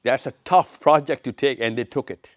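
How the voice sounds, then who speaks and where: A touring speaker with a medium-pitched voice at normal speed presents a live slide lecture in an event room before an audience. He points through the slides, repeats phrases, and quizzes listeners by name, captured in a dry, studio-quality recording.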